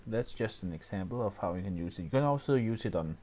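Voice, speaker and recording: A man explaining music software step by step, often pausing with fillers and restarting his sentences. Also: on the low side, expressive. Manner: hesitant, many fillers and restarts. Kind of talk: screen-recorded tutorial.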